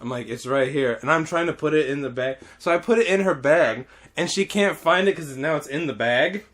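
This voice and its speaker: A man hosting a podcast, telling a story in casual chat, animated, laughing often and swearing freely. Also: fairly high pitch, fairly quick.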